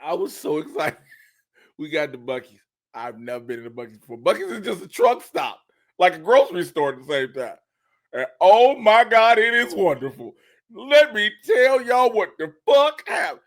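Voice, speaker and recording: Male podcast host, animated raconteur, voice sits a bit high and jumps around. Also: normal speed, vocal fry. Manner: animated, swings into loud excited shouts and laughs. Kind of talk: casual storytelling.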